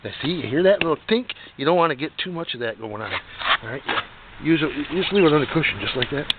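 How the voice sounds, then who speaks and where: A man's voice: on the high side, animated, quick pace. A man casually demonstrating a repair job, talking in a folksy, rambling way with joking asides. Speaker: DIY motorcycle repair vlogger. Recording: tinny distant noisy phone-like sound.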